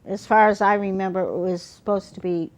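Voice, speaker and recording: A woman interviewer who listens attentively and responds with short acknowledgements and gentle questions. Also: medium pitch, fairly even intonation, a little fast. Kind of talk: conversational interview.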